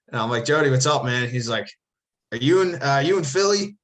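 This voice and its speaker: Man from the Philly area, mid-pitch voice, loose and profane, rambles and restarts mid-sentence. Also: brisk, fairly bright tone. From Philadelphia area. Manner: rambling, profane, self-correcting. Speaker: podcast co-host, former ballplayer. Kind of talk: casual storytelling.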